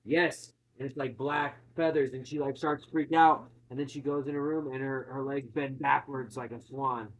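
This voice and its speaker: A man's voice: mid-range voice, fairly even intonation, normal speed, few pauses, low-quality recording. A man casually retelling a film's plot, swearing and acting out quotes, in a chatty movie-recap conversation.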